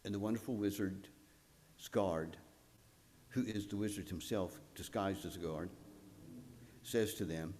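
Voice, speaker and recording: Animated storytelling male preacher. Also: a little slow, pauses often, a little hiss or hum. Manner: animated storytelling with swings in pitch and volume. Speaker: pastor. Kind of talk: sermon.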